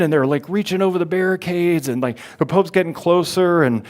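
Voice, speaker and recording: A man in his forties from South Louisiana, telling a story in a lively, conversational way to a church audience and acting out his own reactions. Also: high-pitched, fairly quick. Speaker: speaker at a Catholic Advent mission. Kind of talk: storytelling talk.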